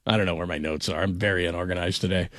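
A man's voice: sits low, fairly even intonation, rapid-fire, fairly bright tone, dry recording, clean studio sound. A man hosting a sports radio show, talking casually, rambling and laughing often. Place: radio studio. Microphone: studio microphone.

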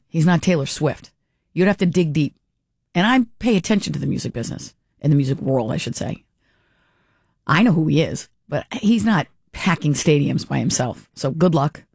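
A woman's voice: low voice, darkish tone, no echo, studio quality. Blunt woman talk radio host. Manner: blunt, opinionated, talks back to texters. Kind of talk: talk radio, reading listener texts.

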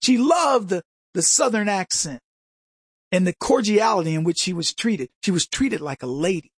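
Husky-voiced talk radio host, animated. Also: male voice, high-pitched, normal speed, no room sound, clean studio sound. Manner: animated, rhetorical questions, mimics people. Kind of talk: opinionated talk radio monologue.

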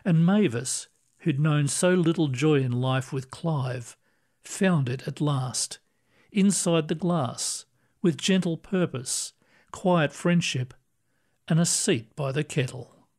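A man reading short stories aloud in a calm, measured manner. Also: fairly high pitch. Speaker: narrator. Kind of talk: storybook reading.

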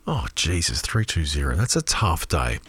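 Male radio DJ: bright, forceful tone, dry close sound, casual, sweary, earnest and consoling on air. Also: a bass voice, big pitch swings, moderate pace, husky, no echo. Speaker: radio show host. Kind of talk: casual on-air chat taking listener requests.

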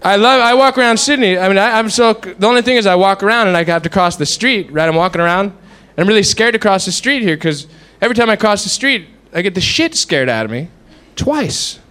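High-voiced man doing stand-up. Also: brisk, clean tone. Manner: animated storytelling with sound effects. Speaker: stand-up comedian. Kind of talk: stand-up routine.

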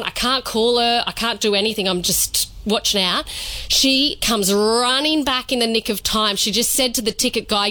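A young-sounding Australian woman telling a story on radio, bright and a little high. Her delivery is animated, and she giggles as she goes. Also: rough recording. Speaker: radio producer.

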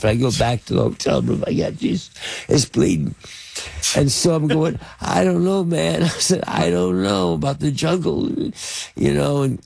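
Gravelly older man telling stories. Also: mid-range voice, darkish tone, no room sound. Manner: halting, lots of fillers and restarts. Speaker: interview guest, film producer and actor. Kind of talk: anecdotal storytelling in conversation.

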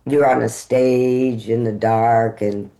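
An American woman actor, a guest in an interview, telling lively stories and acting out the dialogue in them. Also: very deep voice, takes it slowly, low-quality recording. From United States. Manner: animated, acts out dialogue in her stories. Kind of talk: conversational interview storytelling.

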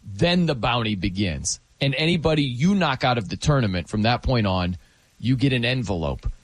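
A man hosting a casual late-night chat on a studio mic. He talks in an animated way and exclaims often. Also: medium pitch, moderate pace, no echo. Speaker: radio host.

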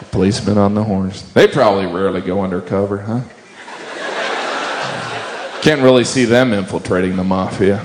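A man's voice: lowish voice, normal speed, noisy background. A man doing an observational stand-up set on stage, chatting with asides to a live audience. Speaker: stand-up comedian. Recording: live show with audience laughter.

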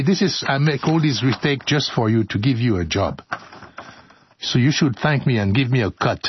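A man's voice: mid-range voice, breathy edge, dry recording, dull audio. A man hosting a radio show, joking his way through outtakes of his scripted narration. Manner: playful, joking, breaks into laughter and singing. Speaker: radio host.

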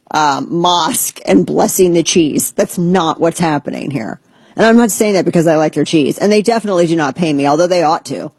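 A woman's voice: on the low side, a little mellow, breathy edge, dry recording. A woman hosting a talk show, giving blunt, sarcastic, rambling commentary. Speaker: podcast host. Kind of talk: opinionated casual commentary.

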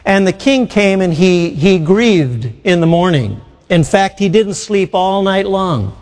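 A man's voice: high voice, very animated, unhurried, darkish tone. A man preaches a sermon in a slightly raised voice. He leans on rhetorical questions and draws out phrases for emphasis. His voice rings with a long hall reverb.

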